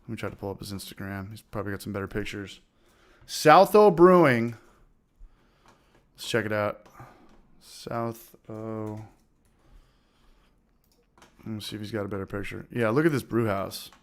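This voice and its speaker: A man hosting a casual homebrewing livestream with a loose, profane manner, repeating phrases, giving shout-outs and now and then fighting off a smoker's cough. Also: lowish voice, level tone, normal speed, pauses often. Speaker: livestream host of a homebrewing channel. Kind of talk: casual livestream chat, reading out viewer comments.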